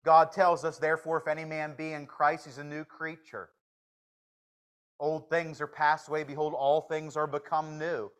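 A man preaching a sermon in a folksy, joking manner, swinging from hushed confession to loud exclamations. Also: a little high, little pitch movement, moderate pace, smooth, low-quality recording. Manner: shifts from hushed to shouting.

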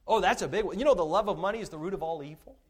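A man preaching a sermon as pastor, emphatic, swinging from shouted peaks to hushed asides. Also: high voice, very fast.

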